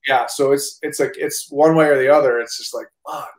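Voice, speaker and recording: A man in his thirties tells stories quickly and animatedly, tripping over his own words and dropping the odd swear word. His voice carries a noticeable room echo, like he is sitting in an untreated space, and he moves along briskly. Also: mid-range voice. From United States. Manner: animated, rambling with many restarts and casual swearing. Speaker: actor and army veteran, guest. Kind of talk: casual storytelling interview. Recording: roomy echo.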